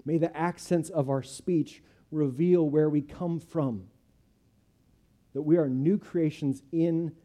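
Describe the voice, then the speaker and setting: Male pastor, sermon and prayer, earnest and measured, fairly high but very dark, mellow tone. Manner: earnest, measured preaching in short phrases. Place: church.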